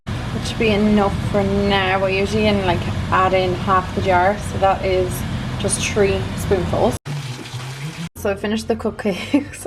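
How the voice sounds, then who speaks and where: A woman's voice: medium pitch, background noise. A woman vlogger from the UK or Ireland chatting casually in her home kitchen, filming herself, a little out of breath, with lots of "like" and "um" and easy laughs. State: a bit out of breath. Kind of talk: casual vlog chat.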